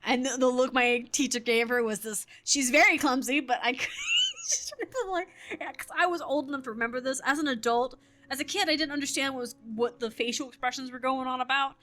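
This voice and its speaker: Woman in her 30s gaming and chatting, kinda high voice, rambles and corrects herself, laughs a lot. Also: fairly even intonation, fast talker, fairly bright tone, slight background noise. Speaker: gaming streamer. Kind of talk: casual storytelling while gaming.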